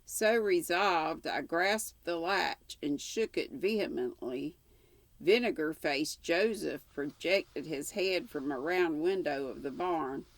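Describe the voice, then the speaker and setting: An older woman reading a classic novel aloud, unhurried, with casual asides now and then. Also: deep voice, no room sound. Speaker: audiobook reader.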